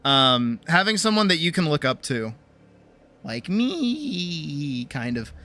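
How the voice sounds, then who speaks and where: A woman's voice: sits low, very animated, slow pace, fairly bright tone. A woman streamer giving a rambling, profane pep talk in casual livestream chat. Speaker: streamer and artist.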